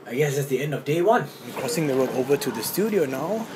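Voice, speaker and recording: A man's voice: mid-range voice, animated, fast talker. Rambling young man vlogging on a camera. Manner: rambling, with many fillers and restarts. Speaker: vlogger, dancer. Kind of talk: casual vlog chat. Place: hotel room, then a cold street at night. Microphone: handheld camera. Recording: camera audio with clear background noise.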